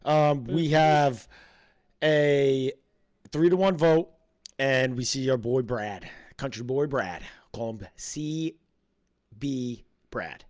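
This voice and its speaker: A man co-hosting a casual recap chat, relaxed and agreeable, trailing off at the ends of sentences. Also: mid-range voice, slow. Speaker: podcast co-host.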